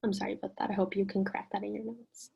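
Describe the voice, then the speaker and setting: A woman teaching an online lesson in a gentle, encouraging way, often putting questions to the listener. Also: medium pitch, level tone, very fast, gravelly, breathy edge.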